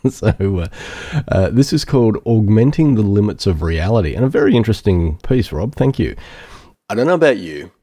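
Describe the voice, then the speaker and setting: A man with a low, deep voice hosts a podcast in a relaxed, chatty way. He reads a listener's essay aloud and drifts into his own asides, with frequent "uh" fillers. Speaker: podcast host. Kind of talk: casual podcast talk and reading a listener's essay.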